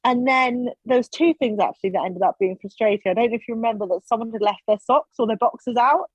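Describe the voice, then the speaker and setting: Her pitch is a little high and her delivery fast and slightly rough. As a guest on a podcast, she animatedly recounts stories in casual talk, acting out quoted remarks, and the audio is dry, echo-free, and a bit dull.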